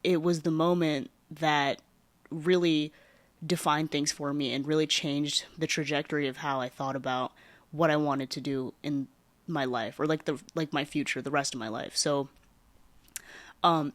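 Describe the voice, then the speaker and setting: Telling a personal story on her podcast, this host rambles casually, filling gaps with fillers while her voice swings lively. It's a deep voice, unhurried and marked by long pauses, recorded without echo.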